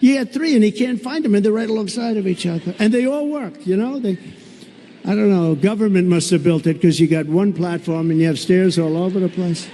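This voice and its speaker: A man delivers a rally speech, blunt and sarcastic, circling back to the same phrases again and again. His voice sits high for a man but sounds mellow rather than bright. A long reverb trails each phrase, as in a large hall. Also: fairly quick, a little hiss or hum. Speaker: political candidate at a rally.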